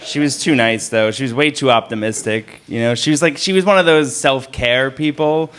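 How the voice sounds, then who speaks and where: A man in his thirties doing a stand-up comedy set in a club, with a self-deprecating, deadpan delivery. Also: medium pitch, moderate pace, background noise. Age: 30s. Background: audience laughter.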